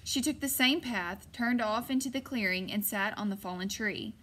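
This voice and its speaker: A woman narrating a first-person audiobook in a measured way, slowing on suspenseful moments. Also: medium pitch, bright, forceful tone.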